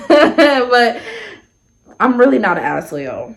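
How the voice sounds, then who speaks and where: A young woman in casual storytime chat, blunt and sarcastic, who swears freely and jumps her pitch for emphasis. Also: sing-song, takes it slowly, vocal fry. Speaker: storyteller vlogger.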